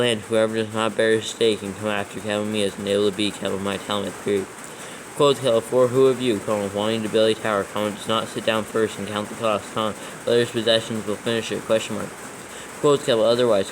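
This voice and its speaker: A man's voice: on the low side, noisy background. A man reading scripture aloud for proofreading, steadily naming every comma, capital and quote mark as he goes. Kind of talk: dictating text with punctuation read aloud.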